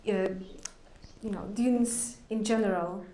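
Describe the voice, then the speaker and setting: A woman moderates a conference in a slow, halting way, full of ums and uhs. She holds a handheld mic in a conference hall, and the room echoes a lot around her. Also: mid-range voice, steady tone, dark tone, slight background noise. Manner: halting, with many fillers. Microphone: handheld microphone.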